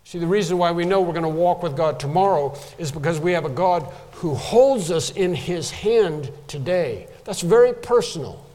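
A man's voice: a little high, lively intonation, moderate pace, hardly any pauses, darkish tone. A man preaching a sermon as a pastor, emphatic, repeating phrases for stress. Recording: long reverb of a large hall.

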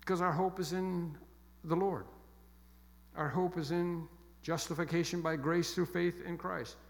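A man preaching a sermon with emphatic, repeated phrases that fall soft and quiet toward the close. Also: a little high, fairly even intonation, unhurried, vocal fry. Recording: long echo of a large hall.

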